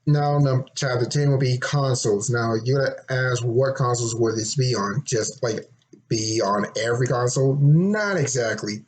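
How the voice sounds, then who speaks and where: A young man talking casually and rambling, clearing his throat often, his voice a bit hoarse. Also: mid-range voice, normal speed, slight background noise, low-quality recording. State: a little hoarse, throat getting sore. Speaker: fan presenting his game concept. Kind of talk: casual unscripted monologue.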